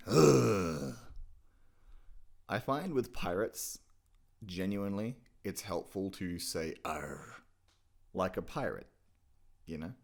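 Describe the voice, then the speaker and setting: A man's voice: sits low, animated, a little slow. A man hosting a casual video tutorial on doing impressions, rambling and joking, with casual swearing. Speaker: YouTube host teaching impressions.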